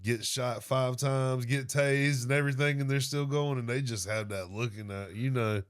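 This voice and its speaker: A man chatting casually on a podcast in a relaxed, drawling way. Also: medium pitch, normal speed, smooth, no room sound, studio quality. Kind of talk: casual chat.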